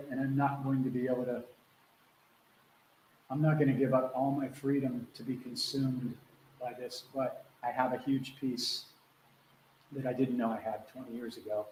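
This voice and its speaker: A man's voice: medium pitch, darkish tone. A man hosting a live question-and-answer call as a spiritual mentor, talking casually and earnestly, acting out quotes and swearing freely over a video call. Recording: echoey room with faint background noise.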